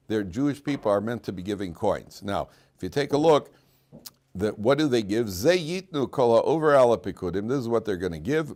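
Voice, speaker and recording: Joking, rambling rabbi teaching a class. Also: male voice, fairly low pitch. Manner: joking, rambling with many restarts and fillers. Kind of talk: informal Torah class.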